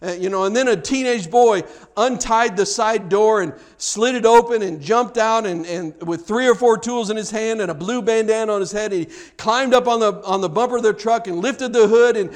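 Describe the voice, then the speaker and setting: A man's voice: sits high, moderate pace, hardly any pauses. A man preaching a sermon, telling a story with acted-out dialogue and frequent stammered repeats.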